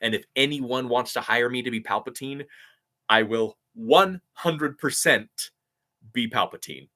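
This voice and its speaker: A man's voice: medium pitch, measured pace, sharp tone. A male voiceover artist hosting a casual live stream, answering viewer comments in an eager, chatty and grateful way.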